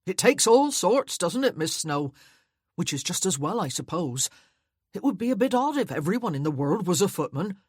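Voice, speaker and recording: A man's voice: high voice, sing-song, normal speed, slightly rough, dry recording, studio quality, heavily acted. A woman voicing a cheerful, talkative young footman who chatters eagerly.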